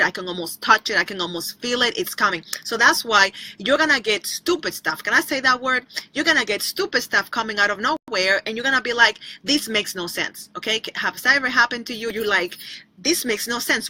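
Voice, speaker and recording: A woman's voice: on the high side, pushed and bright, no echo, poor audio. A woman speaking to her online viewers in a chatty, repetitive devotional talk, calling them by name and now and then breaking into a bit of song. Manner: breaks into short bits of singing. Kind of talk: inspirational livestream talk.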